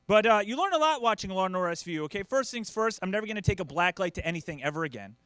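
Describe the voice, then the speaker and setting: A man's voice: high voice, animated, racing, sharp tone, clear, resonant tone, dry recording. A man in his thirties doing a stand-up comedy set, self-deprecating and acting out the people in his stories. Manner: self-deprecating, acts out quoted voices.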